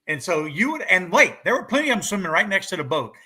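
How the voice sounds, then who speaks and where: Bright-voiced fishing guide. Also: male voice, high-pitched, big pitch swings, quick pace. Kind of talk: casual chat.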